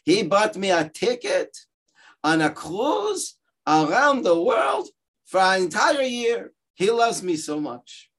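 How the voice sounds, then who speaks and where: A proud elderly mother brags about her devoted son in a lilting, boastful tone, her voice lifted high. A man acts her out while telling a joke to his class. Her bragging never lets up. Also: very animated, takes it slowly, fairly bright tone, full character voice. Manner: boastful, sing-song.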